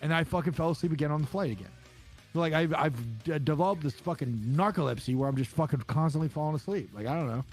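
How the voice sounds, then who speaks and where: A man's voice: quick pace, faint music behind. A man chatting casually as a podcast co-host, swearing often and telling stories with voices for the people he quotes. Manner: profane storytelling, acts out quotes in a higher voice. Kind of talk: casual chat.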